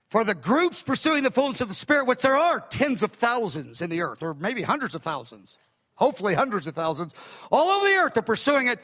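An older man preaching in a very high, lively voice that swoops up and down as he tells his stories. His tone is bright and forceful, with animated emphasis. The sound rings with a long hall echo. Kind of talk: sermon. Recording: echoey hall.

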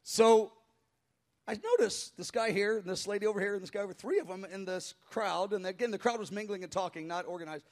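A man pastor telling a story in a sermon before a live congregation, animated and halting, crying out when he acts out quoted voices. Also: high-pitched. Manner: halting with frequent restarts.

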